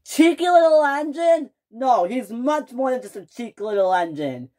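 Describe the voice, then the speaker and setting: A woman voicing a vain, hot-tempered young male steam engine in a toy train story, whining, shouting and sobbing. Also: mid-range voice, lively intonation, normal speed, voice pushed up, lightly acted. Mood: indignant. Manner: whiny, shouting and sobbing in outbursts.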